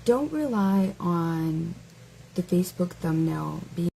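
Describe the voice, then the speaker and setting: A woman hosting a casual reaction stream in a mellow, unhurried voice, full of sarcastic, taunting rhetorical questions. She draws her words out slowly, leaning on them for effect. A faint hum of noise sits under her voice. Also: lowish voice, animated, vocal fry, rough recording. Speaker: live-stream host.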